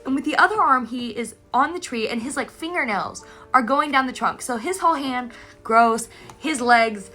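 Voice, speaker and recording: A woman recapping a story in a casual, animated, gushing way. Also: sits high, moderate pace, faint music behind. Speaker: anime recap creator.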